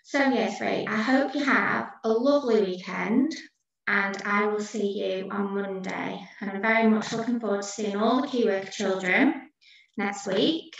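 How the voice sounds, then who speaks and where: A woman teacher talks pupils through a recorded lesson, patient and encouraging, going over each answer step by step. Her voice has a gravelly edge. The sound is dull and very echoey, picked up from a distance. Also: mid-range voice, unhurried. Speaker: primary school teacher.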